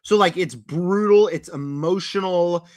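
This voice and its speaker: In a casual vlog, a young man reviews horror movies, rambling emphatically with plenty of fillers. His voice sits high and has a darkish tone, delivered unhurriedly. Now and then it cracks, and he clears his throat.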